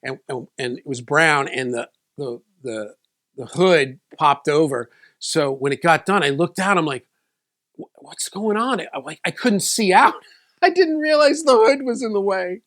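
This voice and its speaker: A man's voice: on the high side, normal speed, a bit bright. A man in a casual vlog, telling a personal story in a loose, rambling way with many restarts. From South Florida. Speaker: video creator.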